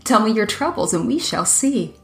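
A woman's voice: fairly high pitch, sing-song, normal speed, soft background music. A woman voicing an old crone enchantress who cackles and speaks shrewdly in a storybook reading.

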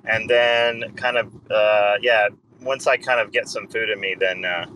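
A man's voice: lowish voice, fairly even intonation, measured pace, pushed and bright. A man co-hosting a casual chat from his living room, rambling with lots of fillers. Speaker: co-host. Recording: noisy background.

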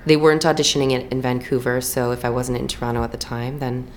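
A young actress and voice actor in a casual interview, telling stories with animated restarts and playful imitations. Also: female voice, a bass voice, slight background noise. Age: young adult. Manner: animated storyteller, quick restarts, lively imitations.

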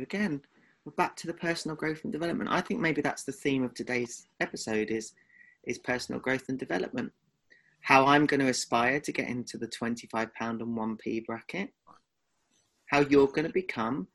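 A man's voice: mid-range voice, normal speed, fairly bright tone. A man with an Essex accent co-hosting a podcast in casual chat, teasing and protesting dramatically. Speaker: podcast co-host.

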